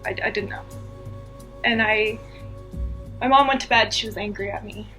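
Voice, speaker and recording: A woman's voice: mid-range voice, fairly even intonation, normal speed, bright, forceful tone, faint music behind. A woman from the US East Coast, a podcast guest, telling a personal story earnestly and with feeling, repeating phrases for emphasis.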